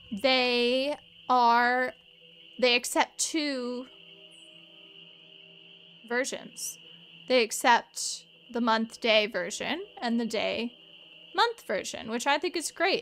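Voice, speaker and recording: A woman's voice: a little high, fairly bright tone. A woman streaming a mystery game, chatting casually and rambling in asides to her viewers. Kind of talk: casual let's-play chat.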